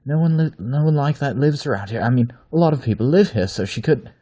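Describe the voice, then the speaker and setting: A man's voice: medium pitch, expressive, quick pace, dark tone, pitched above the performer's own voice, natural voice. A man reading aloud and voicing a frightened village man who stammers and pleads in a hurry. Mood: stammering.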